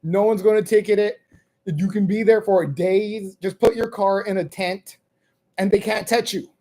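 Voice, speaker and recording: Male comedian-host, mellow tone, rambling self-mocking storyteller who repeats lines for laughs. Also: sits high, fairly even intonation, normal speed.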